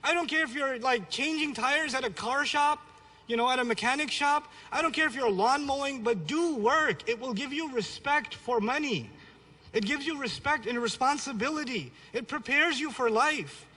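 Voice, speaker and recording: An Islamic lecturer in his thirties, from a Pakistani family and raised in New York City, gives a blunt, humorous religious lecture. His voice is extremely high and sharp, at a normal speed, and the recording carries the long reverb of a lecture hall.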